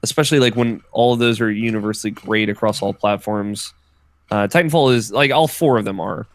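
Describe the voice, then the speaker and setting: A man co-hosting a casual podcast chat, talking in a relaxed, rambling way with plenty of fillers. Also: lowish voice, a little fast. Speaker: podcast co-host.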